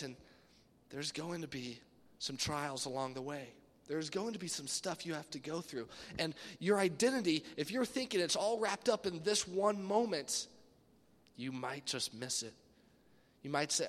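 A man preaching a casual sermon, rambling a little and acting out lively quotes. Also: fairly high pitch, moderate pace, in a large hall. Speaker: pastor.

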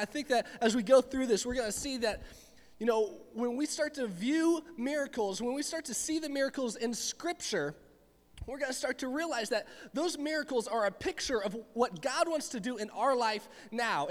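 High-voiced youth pastor in a reverberant hall. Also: male voice, expressive, brisk. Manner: chatty, joking, rambling asides. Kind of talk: casual youth sermon. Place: church hall with live audience.

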